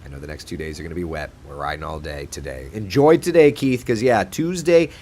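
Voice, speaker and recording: A man's voice: sits low, a little fast, darkish tone, slight background noise. A man hosting a casual live chat as a TV meteorologist, playful and chatty as he answers viewers' comments.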